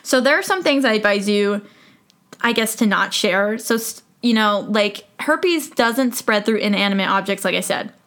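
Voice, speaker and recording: A woman's voice: medium pitch, animated, normal speed, fairly bright tone. A woman in her twenties hosting a solo podcast, talking frankly and casually, joking and laughing often. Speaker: podcast host.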